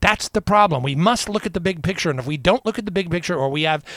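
A man's voice: high-pitched, animated, fast talker, a bit bright, no room sound, studio quality. A man hosting a radio show, delivering a rambling, emphatic, preaching monologue full of repetition.

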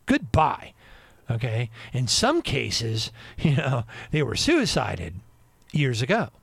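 Animated, indignant male radio host. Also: medium pitch, slow, vocal fry, slightly rough, no room sound, studio quality. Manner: animated, indignant, swings between loud and quiet. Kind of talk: ranting monologue.

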